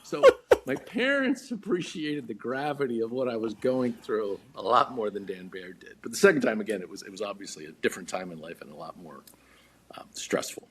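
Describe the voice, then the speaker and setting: Low husky guy telling a story on a podcast, does the voices, stumbles and repeats words. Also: brisk, fairly bright tone. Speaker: podcast guest. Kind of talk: casual storytelling.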